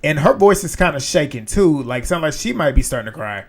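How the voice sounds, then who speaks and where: A man's voice: on the high side, sing-song, a little fast. Blunt, chatty man recapping reality TV. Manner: frank, blunt, profane, chatty. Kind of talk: casual recap commentary.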